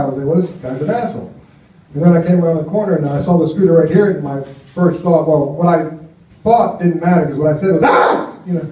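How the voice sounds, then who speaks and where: A man's voice: a little high, warm tone, slight background noise. An American man doing a stand-up comedy set in a small cafe, telling stories in a dry, offhand way with lots of fillers. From United States. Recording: echoey room, distant dull mic.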